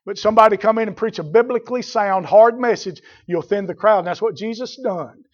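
A man with a fairly high voice preaches in a drawl. He swings from low, plain talk to loud, shouted fervor, using folksy turns of phrase. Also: a little fast, highs cut off. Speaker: pastor. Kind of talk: sermon.

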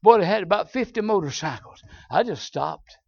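Southern preacher with a lively, high voice. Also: male voice, moderate pace, creaky, husky. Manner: emphatic, swings from low asides to shouted climaxes; folksy storytelling. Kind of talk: sermon. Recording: dull lo-fi sermon recording.

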